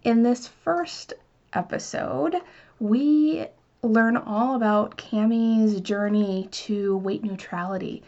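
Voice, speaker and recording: A woman's voice: fairly high pitch, slow pace, darkish tone, muffled recording. A woman hosting a podcast, reading a scripted intro and then welcoming her guest in an upbeat, enthusiastic way. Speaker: podcast host.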